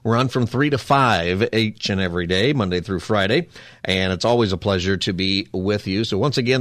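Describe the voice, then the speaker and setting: A man hosting a radio talk show, chatting quickly and casually with jokey asides into a studio microphone. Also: on the low side, a bit bright, no echo.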